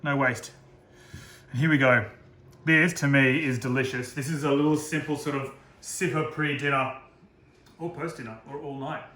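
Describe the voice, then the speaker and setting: A man's voice: mid-range voice, steady tone, normal speed, bright, forceful tone, roomy sound. A man giving a casual cooking demonstration, chatty and self-deprecating, joking about his own slips.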